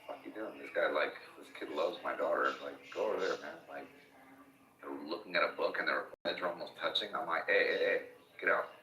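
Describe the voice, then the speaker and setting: A man chatting casually on a podcast, swearing freely and jumping up in pitch to act out his own outbursts. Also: brisk. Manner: profane, animated, jumps up into mock shouting when quoting himself. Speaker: podcast host. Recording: echoey room.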